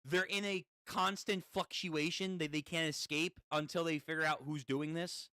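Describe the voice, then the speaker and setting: A man's voice: a little high, steady tone, moderate pace, bright, forceful tone, no room sound, clean studio sound. A man casually reading a comic aloud and reacting as he goes, swearing often. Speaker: comic read-through host.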